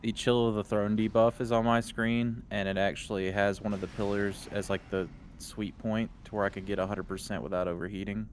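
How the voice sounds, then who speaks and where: A man's voice: fairly low pitch, flat delivery, a little fast, few pauses, slight background noise. A man in a game voice chat making matter-of-fact points to his team. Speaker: raid member.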